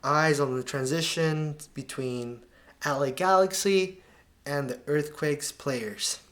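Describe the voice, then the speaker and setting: A man with a slightly raised voice talks through soccer clips, pausing to point out mistakes. He sounds casual and exasperated, tossing in slang as he critiques the players. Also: on the high side, a bit bright. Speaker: soccer analyst. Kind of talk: video breakdown commentary.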